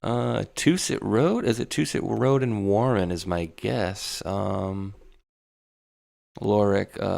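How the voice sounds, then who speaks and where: Laughing often and slipping in "dude" and "bro," a middle-aged livestream co-host from Rhode Island, United States, rambles through casual conversation. He speaks slowly in a low, creaky voice with a darkish tone.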